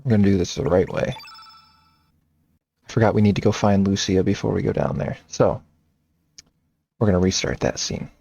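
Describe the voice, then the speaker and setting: A man casually commenting on his game playthrough, rambling and thinking out loud. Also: low voice, fairly even intonation, moderate pace, vocal fry, pauses often, slightly rough, lo-fi sound. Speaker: game streamer. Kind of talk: casual let's-play commentary.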